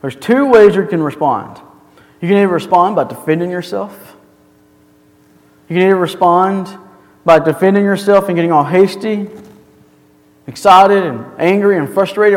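A man's voice: sits high, unhurried. A male pastor delivering a sermon in a church, earnest and full of rhetorical questions. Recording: long hall reverb.

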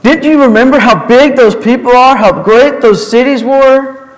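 Casting: frantic, high-pitched frightened spies, put on by a male preacher, in a reverberant hall. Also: normal speed. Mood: panicked. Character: panicked group of frightened spies.

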